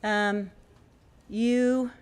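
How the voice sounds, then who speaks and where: A woman's voice: medium pitch, fairly even intonation, very slow, smooth. A woman hosting a small music cafe, introducing a performer with chatty, rambling stage talk and frequent laughter, speaking into a stage microphone. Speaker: venue host introducing a performer.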